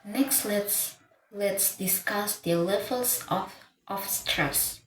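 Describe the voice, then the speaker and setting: Woman teacher, unhurried, careful delivery, stumbles and restarts words, echoey room with faint background hum. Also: medium pitch. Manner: halting, restarts words mid-syllable. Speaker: English teacher. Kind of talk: slow, careful lesson explanation.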